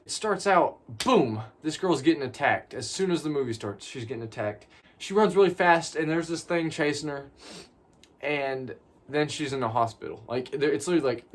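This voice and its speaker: A young man giving a casual, rambling movie review, often repeating words and saying "like". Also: on the high side.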